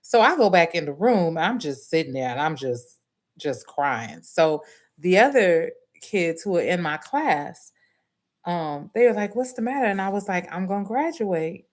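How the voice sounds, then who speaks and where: A woman's voice: on the low side, unhurried. Laughing woman telling a story. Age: adult nursing student. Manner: animated, laughs often, Southern US dialect grammar. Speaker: livestream host. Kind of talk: casual storytelling to viewers.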